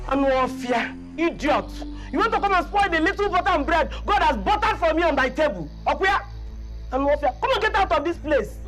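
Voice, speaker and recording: An actress playing a fierce Nigerian mother who shouts and scolds, with a Nigerian accent. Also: high voice, animated, fairly quick, soft background music, poor audio. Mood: angry. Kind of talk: Nollywood film drama.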